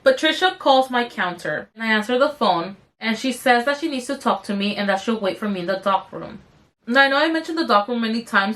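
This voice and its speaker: A young woman vlogger telling a workplace story while doing her makeup, animated and swearing freely, her throat slightly strained. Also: a little high. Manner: animated, swearing, addresses viewers as you guys. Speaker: beauty vlogger.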